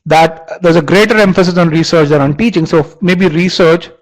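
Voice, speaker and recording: A man's voice: fairly high pitch, normal speed, low-quality recording. A man teaching a live online webinar, often repeating words as he restarts and quizzing his audience. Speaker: online course instructor.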